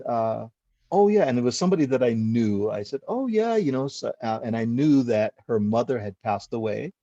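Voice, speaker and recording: A man tells a story in an animated way, acting out both sides of a conversation. His voice is gravelly with a slight husk, at a middle pitch. He sounds dry and a little muffled, like lo-fi video call audio. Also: no room sound. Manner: animated storyteller who acts out quoted exchanges. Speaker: host. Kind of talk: casual storytelling chat.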